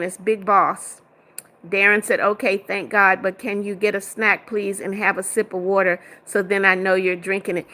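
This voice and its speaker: A middle-aged American woman chats her way through a live stream, reading viewer comments aloud and answering them one by one. Her voice is bright and clear, with an easygoing, talkative flow. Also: medium pitch. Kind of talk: casual live-stream chat.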